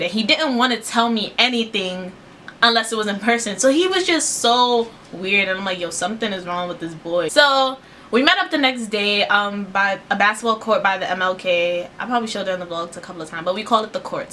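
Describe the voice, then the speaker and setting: Young woman vlogger, bright voice, animated slangy storytelling, faint hiss behind. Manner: animated, acts out quotes with big pitch jumps. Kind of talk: casual storytime.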